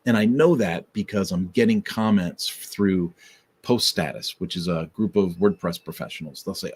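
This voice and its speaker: A man's voice: low-pitched, normal speed, a little mellow, slightly rough. A man hosting his own podcast, giving earnest, encouraging advice in a casual live-streamed talk and repeating his key points. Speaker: podcast host. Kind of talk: casual motivational talk to camera.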